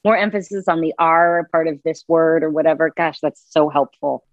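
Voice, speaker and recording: A woman's voice: sits low, normal speed, no echo. Chatty woman narrator, dull dry sound. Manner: chatty, laughs easily, trails off in lists. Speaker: audiobook narrator guest. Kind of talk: casual interview chat.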